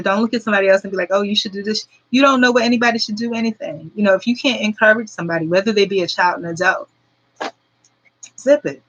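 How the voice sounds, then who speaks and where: A woman's voice: medium pitch, fairly bright tone, low-quality recording. A woman in her forties telling a story straight to her viewers, rambling and earnest, full of fillers. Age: 40s. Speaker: vlogger.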